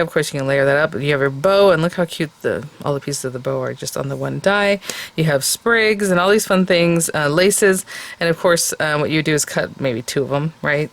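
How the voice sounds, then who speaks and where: A woman hosting a craft channel, casually walking through a product unboxing, chatty and full of ums as she thinks aloud. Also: low voice.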